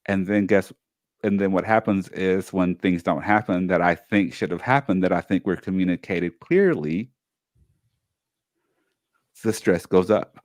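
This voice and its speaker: A man co-hosting a talk show, telling a personal story in a casual, animated way and acting out the family members he quotes. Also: low voice, measured pace, pauses often, no echo, studio quality. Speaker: co-host.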